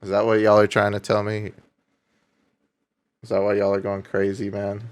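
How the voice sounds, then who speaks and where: A man's voice: on the low side, completely flat delivery, normal speed. A young man live-streaming in a casual chat, swearing freely, laughing often and reading out viewer donations.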